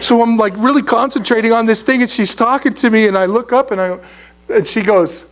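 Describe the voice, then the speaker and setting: High-voiced joking male pastor. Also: fairly even intonation, moderate pace, background noise. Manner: conversational and joking, with frequent restarts. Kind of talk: sermon. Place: church sanctuary.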